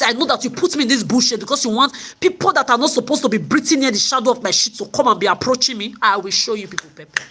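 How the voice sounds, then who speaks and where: A woman's voice: a little high, animated, fast talker, hardly any pauses, sharp tone, slight background noise. A middle-aged woman, delivering an angry, confrontational monologue to camera, repeating herself as she rants. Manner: confrontational, ranting, repetitive. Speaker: vlogger.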